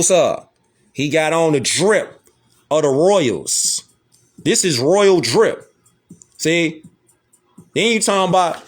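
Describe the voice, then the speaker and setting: A man hosting a casual lecture, talking emphatically in slangy street talk and repeating rhetorical questions. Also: high-pitched. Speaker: host. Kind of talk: casual lecture showing images.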